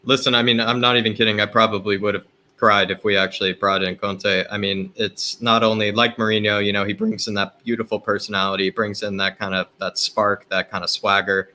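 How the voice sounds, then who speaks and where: A man's voice: lowish voice, level tone, a little fast, pushed and bright. A man speaking as a guest on a casual fan stream, melodramatic and self-mocking. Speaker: guest panelist. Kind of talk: casual live-stream chat.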